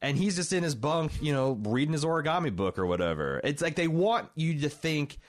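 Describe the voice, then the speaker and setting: A man's voice: on the high side, lively intonation, brisk. A man co-hosting a podcast, reviewing a film in casual, wry, emphatic chat. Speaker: podcast co-host.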